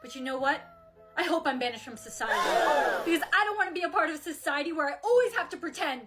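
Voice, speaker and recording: A young woman with a high voice delivers scripted comedy lines. She sounds melodramatic and quick to defend herself. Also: animated, loud music behind the voice. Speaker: main character in comedy skits.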